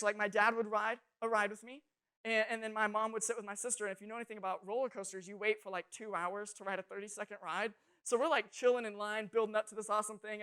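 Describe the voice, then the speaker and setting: A young adult woman speaking to students in a youth sermon, telling funny stories with animated, self-mocking humor. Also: on the high side.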